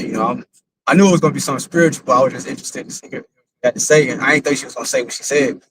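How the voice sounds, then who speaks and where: A man's voice: mid-range voice, very fast, background noise. A man, a father, telling a religious testimony in a casual, rambling, slangy way, repeating himself as he goes. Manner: rambling, repetitive, slangy storytelling.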